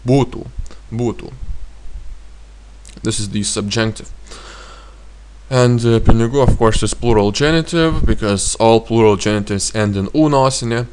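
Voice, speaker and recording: A man with a Lithuanian accent teaching grammar in a slow, halting way with frequent fillers. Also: on the low side, darkish tone, slight background noise. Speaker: language teacher.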